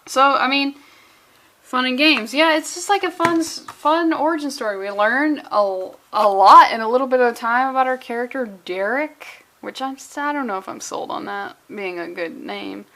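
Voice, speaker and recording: Chatty woman with a higher voice. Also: sharp tone. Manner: chatty, jokey, trails off and restarts mid-thought. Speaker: comic book reviewer. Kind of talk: casual comic review vlog.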